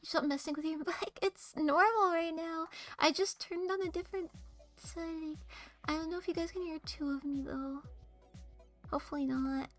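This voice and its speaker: A young woman streamer chatting casually on a livestream, talking quietly in a flat monotone. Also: very high-pitched, normal speed, faint music behind. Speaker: VTuber streamer. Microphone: desk streaming mic.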